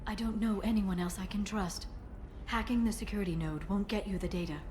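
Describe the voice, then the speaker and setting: A composed alien information broker, voiced by a woman, speaks in a guarded, earnest way at a moderate, middle pitch. Video game dialogue, steady and measured. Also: slight background noise, natural voice. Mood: explaining.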